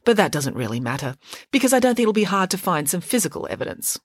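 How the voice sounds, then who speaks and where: A woman's voice: fairly low pitch, big pitch swings, quick pace, no room sound, studio quality. Woman voicing a logical girl detective. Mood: deductive. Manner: crisp, logical, deducing step by step. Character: clever precise schoolgirl detective.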